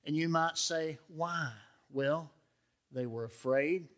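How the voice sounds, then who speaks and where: A man's voice: fairly high pitch, takes it slowly, a bit bright. A male pastor preaching a sermon in a conversational way, acting out the quotes in character voices.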